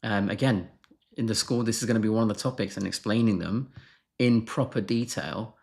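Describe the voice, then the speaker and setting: A man's voice: on the low side, fairly quick, gravelly, darkish tone. A man who is a doctor answering viewer questions on a live stream, frank and blunt, brushing off marketing claims.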